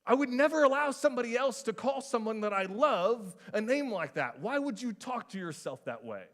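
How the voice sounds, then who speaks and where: A young adult man, a pastor, giving a sermon in a casual, conversational and animated way. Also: very high voice, moderate pace.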